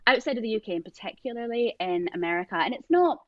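A woman's voice: on the high side, fast, dry recording, lo-fi sound. A woman with a drifting Scottish accent, a podcast guest chatting casually and acting out voices as she tells stories. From Scotland. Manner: animated storyteller, acts out voices. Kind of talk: casual chat.

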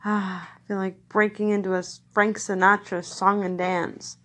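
A woman's voice: mid-range voice, flat delivery, measured pace, a bit bright. A woman chatting casually about films in a rambling, nostalgic way. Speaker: vlogger reviewing films. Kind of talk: casual chat.

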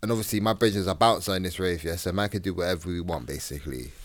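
A man's voice: deep voice, very fast, no echo. A man, co-hosting a podcast in casual chat, telling stories full of slang and acted-out quotes. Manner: London slang, animated storytelling with quoted voices. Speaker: podcast co-host.

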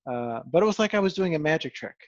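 A man's voice: fairly high pitch, lively intonation, fast, no echo. Rambling man hosting a podcast, dry lo-fi sound. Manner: rambling, self-deprecating, with repeated restarts. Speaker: podcast host. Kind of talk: casual podcast chat.

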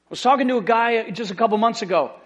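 A middle-aged man preaching a sermon as lead pastor, fervent and emphatic, repeating key phrases and swinging from loud excited bursts to quiet asides. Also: fast. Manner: fervent, emphatic repetition, rising to excited outbursts then dropping low.

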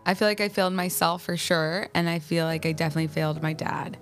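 A young adult woman speaking as a guest in a casual interview, chatty and quick to laugh, with many fillers. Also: lowish voice, fairly even intonation, soft background music. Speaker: podcast guest.

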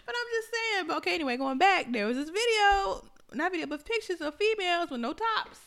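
A young woman with a high voice, talking in a loose, casual podcast chat. She tells stories in an animated way and swears freely. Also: fairly quick. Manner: animated, profane storytelling. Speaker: podcast co-host.

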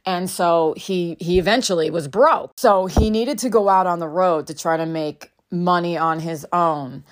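A woman's voice: fairly low pitch, unhurried. A woman in her thirties, a mother telling a parenting story in a candid, reflective way, swearing now and then. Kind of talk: casual storytelling monologue.

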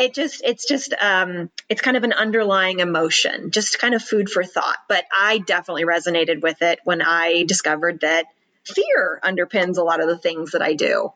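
A woman public speaking coach chatting in an interview, slipping into quick acted-out inner voices to make her point. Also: fairly low pitch, pushed and bright, rough recording. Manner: acts out worried inner voices in quick asides. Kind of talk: podcast interview chat.

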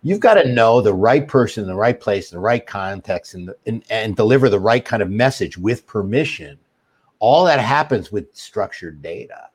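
A man's voice: lowish voice, lively intonation, normal speed, slightly rough. A middle-aged man, a guest expert in an interview, explaining a technical subject steadily with everyday examples. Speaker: guest expert on master data.

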